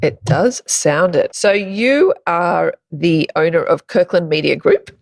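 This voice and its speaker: A woman's voice: lowish voice, expressive, slow pace, gravelly, dry recording. A woman hosting a podcast, reading an upbeat intro and asking friendly questions. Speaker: podcast host.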